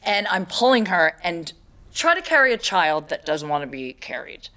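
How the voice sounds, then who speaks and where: Chatting casually on her podcast, a woman tells an animated story and performs the voices of those she's quoting. Her voice sits on the low side, delivered at normal speed.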